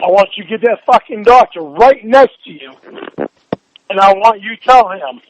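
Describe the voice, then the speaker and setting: A man with a strikingly high voice rants down a dull, muffled phone line. He is furious, swears nonstop and barks demands. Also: animated, moderate pace, slight background noise. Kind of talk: heated phone call.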